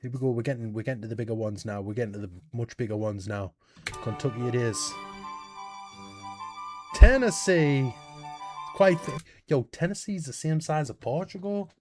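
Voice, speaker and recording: A British man hosting a casual reaction video, animated and thinking out loud with questions and exclamations. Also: medium pitch, brisk, over music. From United Kingdom.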